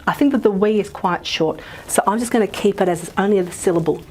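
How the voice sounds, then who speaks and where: Woman lecturer, relaxed and chatty, keeps asking "okay?", faint hiss behind. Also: medium pitch, fast. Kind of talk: phonetics lecture.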